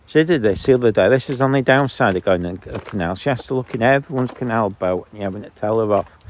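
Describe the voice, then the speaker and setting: A man with a low voice, vlogging while walking his dog along a canal and ranting indignantly between remarks to the dog. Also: fast talker, slight background noise. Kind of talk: casual outdoor vlog ranting. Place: outdoors on a canal towpath. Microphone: handheld camera.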